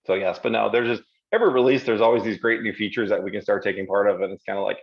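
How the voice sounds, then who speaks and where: A man co-hosting a live software Q&A show, chatting casually and rambling, with self-deprecating asides. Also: lowish voice, fairly even intonation, very fast, vocal fry. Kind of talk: casual conversational livestream chat. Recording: slightly dull lo-fi stream audio.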